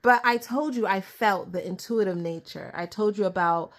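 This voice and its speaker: A young adult woman giving a casual tarot reading to camera at her table, chatty and easily excited, laughing often. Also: medium pitch, moderate pace. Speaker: tarot reader.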